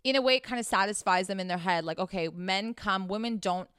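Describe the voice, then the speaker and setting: A woman's voice: medium pitch, a little fast, fairly bright tone, clear, resonant tone, no room sound, studio quality. A young woman hosting a frank, casual monologue, blunt and profane as she talks straight to her listeners. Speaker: host.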